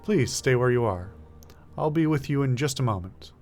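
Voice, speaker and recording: Cultured, softly menacing male tinkerer, voiced by a man, smooth and pleasant, game read-along. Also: medium pitch, lively intonation, moderate pace, soft background music, close to an everyday voice. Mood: courteous.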